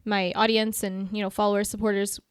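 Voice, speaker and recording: A woman's voice: mid-range voice, level tone, fairly quick, clean tone, no echo, clean studio sound. A woman guest on a podcast, chatting casually about her work, with lots of "like" and "you know" as she talks. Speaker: guest content creator.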